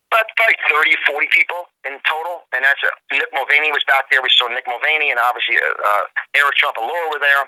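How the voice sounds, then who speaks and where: An eager man tells a story as an interview guest, tumbling through his words quickly and looping back on himself. His voice is sharp and forceful. The sound is close and dry, with no room around it. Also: mid-range voice, no echo, low-quality recording. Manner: gushing, enthusiastic, many word repeats and restarts. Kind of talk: excited storytelling in a radio interview.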